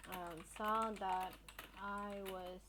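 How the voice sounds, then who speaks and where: A woman's voice: mid-range voice, steady tone, extremely slow, noisy background. A young woman streamer chatting casually with her viewers, telling a story in a blunt, indignant way and swearing often.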